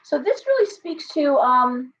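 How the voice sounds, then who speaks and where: A woman's voice: sits high, very animated, a little slow, fairly bright tone, a little hiss or hum. A woman giving a casual live tarot reading, blunt and chatty, full of asides and restarts. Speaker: tarot reader. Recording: distant, dull lo-fi sound.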